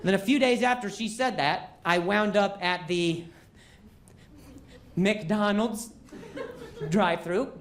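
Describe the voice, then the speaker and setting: A man's voice: sits high, slow pace, long pauses. A man doing stand-up storytelling, who stutters and jokes about himself on a comedy stage. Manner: stutters, self-deprecating. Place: comedy stage, audience laughing.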